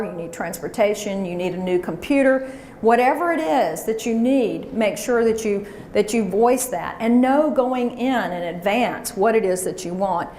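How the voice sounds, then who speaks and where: A woman's voice: medium pitch, darkish tone. A woman giving a motivational seminar talk, coaching her audience to repeat phrases after her. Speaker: professional speaker. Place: conference room before an audience. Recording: echoey room with faint hiss.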